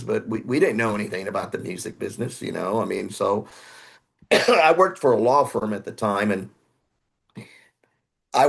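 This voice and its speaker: A man's voice: lowish voice, gravelly, slightly rough. A man, telling rambling stories as a podcast guest and sometimes acting out other people's voices. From Houston, Texas. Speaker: guest musician. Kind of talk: casual interview storytelling.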